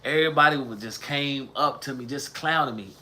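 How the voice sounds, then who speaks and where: Southern man in his thirties, livestream storyteller, casual and rambling, bright and tense in the voice. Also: mid-range voice, fairly quick. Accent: Southern US, light. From American South. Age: 30s. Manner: rambling, conversational, with chanted bits of old raps. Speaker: musician telling his story.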